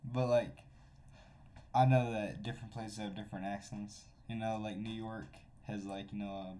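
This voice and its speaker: Laid-back lower-voiced man streaming. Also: level tone, normal speed, warm tone. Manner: laid-back, filler-heavy, lots of "like, you know". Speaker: streamer reacting to videos. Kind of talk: casual reaction commentary.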